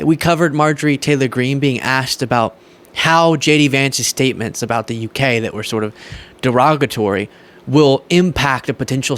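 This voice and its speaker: A young man hosting a political reaction show, talking in a sarcastic, mocking and animated way. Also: medium pitch. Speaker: political commentary host. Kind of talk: reaction commentary.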